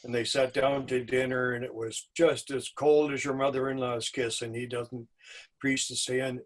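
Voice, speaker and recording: A man hosting a storytelling event, telling a folk tale in an unhurried, wry, folksy way. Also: mid-range voice, little pitch movement. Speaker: storytelling host.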